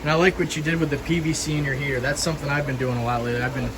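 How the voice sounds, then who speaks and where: A man hosting a fish-keeping vlog in casual chat, agreeing often with quick affirmations. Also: medium pitch, fairly even intonation, background noise. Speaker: vlog host visiting a fish keeper.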